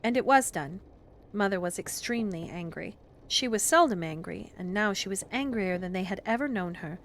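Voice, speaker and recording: A woman reading a children's story aloud in a calm, gentle, measured way for relaxation. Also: mid-range voice.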